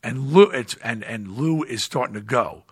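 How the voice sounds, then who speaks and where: A man hosting a podcast who tells stories casually in an animated, rambling way with lots of restarts. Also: mid-range voice, moderate pace, breathy edge. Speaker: podcast host. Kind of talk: casual storytelling.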